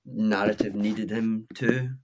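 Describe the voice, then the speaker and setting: A man's voice: fairly low pitch, steady tone, slow. Hesitant man giving his opinion. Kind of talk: casual film chat.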